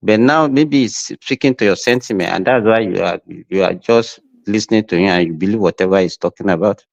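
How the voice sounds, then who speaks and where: A man's voice: lowish voice, a little fast, vocal fry, dry recording. Hesitant man, slightly dull sound. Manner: challenging, hesitant, with "eh" fillers. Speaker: panelist. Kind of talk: live talk show discussion.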